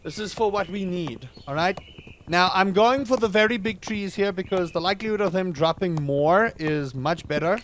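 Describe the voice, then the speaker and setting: Guy chatting through a farming game, goofy wordplay, kinda high-pitched. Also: normal speed, slight background noise. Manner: playful, chatty, jokey wordplay. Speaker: gaming host. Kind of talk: let's play commentary.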